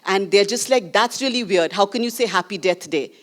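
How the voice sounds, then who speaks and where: A middle-aged woman filmmaker with an Indian English accent speaks fairly quickly in a medium-pitched voice. At a screening venue, before a live audience, she tells a candid, emotional story after the film, slipping in Hindi phrases.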